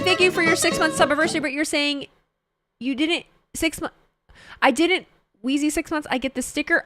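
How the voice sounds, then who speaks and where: A woman's voice: high voice, animated, fairly quick, fairly bright tone, faint music behind. A young woman streaming from home, chatting casually with her viewers, reading their messages aloud, laughing often and swearing freely. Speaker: livestreamer reacting to wrestling. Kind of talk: casual live-stream chat.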